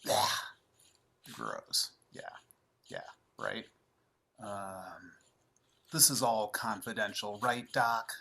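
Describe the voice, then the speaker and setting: A man voicing a brooding puppet creature in a puppet video skit, who talks slowly and confides in a doctor. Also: fairly low pitch, sing-song, creaky, pushed and bright, slightly rough, pitched above the performer's own voice, heavily acted. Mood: confiding. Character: brooding puppet creature, dreams of being human.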